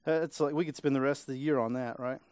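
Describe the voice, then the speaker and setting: This is a man preaching a sermon in a church sanctuary, chatting casually and checking in with the congregation through frequent tag questions. He talks fast in a mid-range, darkish, clean voice with fairly even intonation, and there's no room sound.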